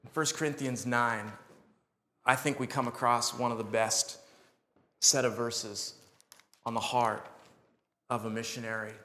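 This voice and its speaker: A man's voice: medium pitch, unhurried, pauses often, roomy sound. A man preaching a sermon, telling stories with laughter and acting out what people said. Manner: animated storytelling with laughs and acted quotes. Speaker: pastor.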